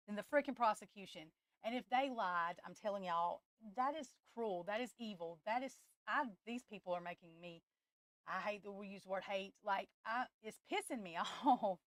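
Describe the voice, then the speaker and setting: A tarot livestream host with a slightly high voice, recorded with no room sound, speaks with passion and is close to tears. She keeps breaking off and starting over, calling her viewers "y'all" in this emotional live-stream chat.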